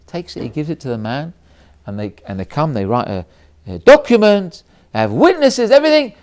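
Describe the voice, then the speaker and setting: A man's voice: fairly high pitch, big pitch swings, brisk, a little mellow. A man, a rabbi, telling a story in a sermon and acting out the characters' voices as he goes.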